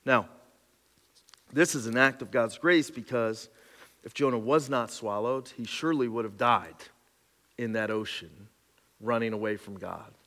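Animated pastor preaching in a reverberant hall. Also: male voice, medium pitch, measured pace, pauses often. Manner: animated storytelling, swings from loud exclaiming to quiet reflection. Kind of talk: sermon.

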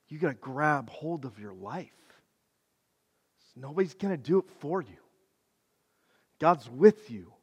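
A man preaching a sermon as pastor, conversational and animated, acting out the characters in the story he tells. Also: sits high, big-room sound.

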